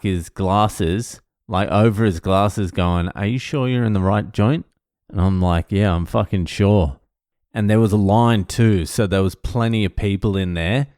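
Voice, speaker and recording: A man's voice: on the low side, clean tone, dry recording, clean studio sound. An Australian man telling a story casually, swearing often and mocking himself. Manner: sweary, self-mocking anecdote with laughs. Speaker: vlogger.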